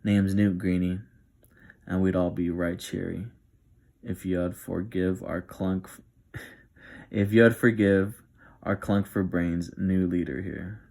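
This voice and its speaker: A man's voice: low-pitched, flat delivery, slow, vocal fry, long pauses, dark tone, full character voice. Newt, a man reading a friendly young man.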